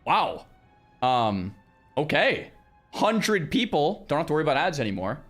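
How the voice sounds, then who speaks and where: A young man streaming, chatting casually with his viewers in an animated way, with lots of restarts and loud exclamations. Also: a little high, a little slow, soft background music. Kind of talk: casual livestream chat with viewers.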